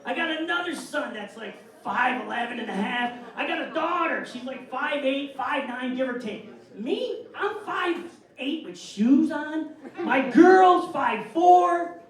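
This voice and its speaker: A man's voice: very high-pitched, animated, unhurried, recorded from a distance. A man from upstate New York doing a brash, bawdy stand-up set on a club stage. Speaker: stand-up comedian. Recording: echoey club mic'd from afar.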